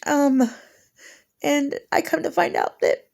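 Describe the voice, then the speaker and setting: A woman's voice: high voice, fairly even intonation, slow, gravelly, pauses often, darkish tone. A woman in her forties rambling emotionally through a casual vlog monologue. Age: 40s.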